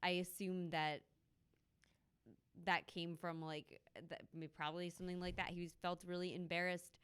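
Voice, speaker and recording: Low-voiced woman telling rambling stories. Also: level tone, normal speed, a bit bright, clean tone. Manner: laughs often, rambling anecdotes. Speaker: podcast co-host. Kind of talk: casual chat. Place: live show in a loft venue.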